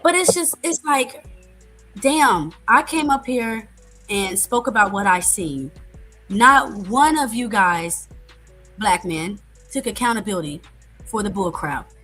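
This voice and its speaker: A woman's voice: medium pitch, expressive, takes it slowly, a bit bright, soft background music. A woman arguing indignantly and accusingly on a live-stream debate.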